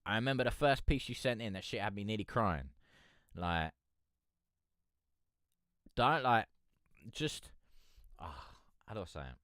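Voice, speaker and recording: A man's voice: fairly low pitch, animated, unhurried, long pauses, fairly bright tone, no echo, studio quality. A man from near London, chatting casually on a live stream as a music reviewer. He rambles, swears and keeps calling people "mate". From England, near London.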